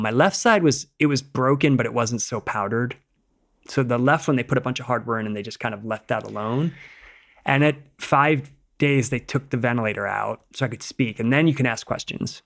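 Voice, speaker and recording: A middle-aged man with a gravelly, creaky voice sits as a podcast guest and tells his story casually. He rambles, sprinkles in "like," and acts out what each person said. His voice sits at a middle pitch. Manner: rambling retelling, acting out quotes, many "like"s.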